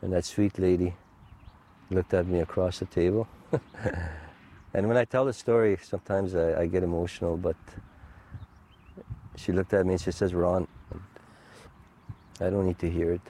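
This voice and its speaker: A middle-aged man giving a personal faith testimony, halting and heartfelt, with many fillers and restarts. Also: deep voice, fairly even intonation, mellow, slight background noise. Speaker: guest sharing a testimony.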